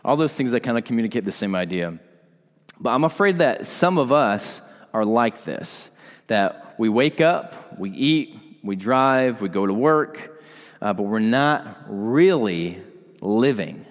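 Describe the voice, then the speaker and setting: A man's voice: on the low side, expressive, a little slow, big-room sound. A man preaching a sermon in a conversational way, speaking directly to his congregation. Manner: conversational, asks the congregation to respond. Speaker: pastor.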